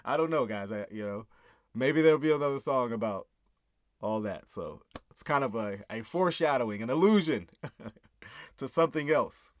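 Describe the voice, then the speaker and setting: A man's voice: mid-range voice, animated, normal speed, no room sound. A man hosting a casual breakdown of his own song, talking earnestly and often tagging his points with "right?". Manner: earnest, keeps asking "right?", chuckles. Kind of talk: casual commentary.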